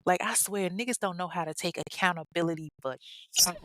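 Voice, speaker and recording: A woman's voice: on the low side, a little fast, fairly bright tone, dry recording. A woman casually telling a crime story in a sassy, profane way, talking straight to her listeners. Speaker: podcast host.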